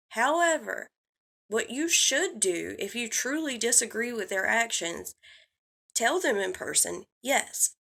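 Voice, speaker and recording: A woman's voice: medium pitch, fairly bright tone. A woman giving blunt, heated drama commentary, swearing freely as she lays out her views. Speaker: commentary YouTuber.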